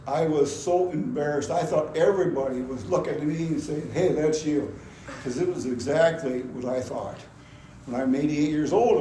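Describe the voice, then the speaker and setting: An older man giving a personal testimony at a gospel meeting, telling his story in an animated way and acting out his past anger. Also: on the high side. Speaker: testimony speaker. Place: gospel hall. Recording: echoey hall, faint background noise.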